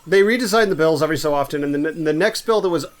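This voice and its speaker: A man's voice: a little high, fast. A man co-hosting a podcast, adding chatty, explanatory asides in casual talk. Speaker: podcast co-host.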